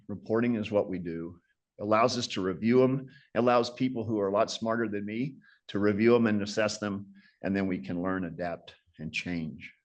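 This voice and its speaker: A man in his sixties giving a conversational lecture as a guest surgeon, telling stories in a self-deprecating, reflective way. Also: fairly low pitch.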